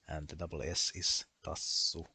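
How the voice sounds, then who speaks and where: A man with a bright, forceful edge to a very deep voice narrates a lesson. He works methodically through the rules, giving one example after another. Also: level tone, moderate pace, slightly rough. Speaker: language explainer. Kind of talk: explanatory voice-over lesson.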